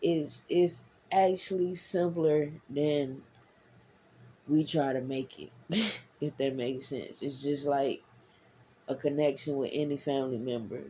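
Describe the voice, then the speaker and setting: A woman talking casually to her followers, rambling and repeating herself. She swings from low murmurs to heated, profane bursts. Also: warm tone, slight background noise, rough recording. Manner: frank and profane. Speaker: vlogger.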